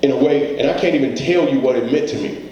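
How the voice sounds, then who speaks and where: A man's voice: medium pitch, fast, mellow, dull audio. Man, comedian speaking to a live audience from stage, earnest storytelling, heavy hall echo with faint hiss. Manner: earnest, conversational, rhetorical questions to the audience. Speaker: comedian giving a talk. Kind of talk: motivational stage talk with storytelling. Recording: very echoey hall, faint background noise.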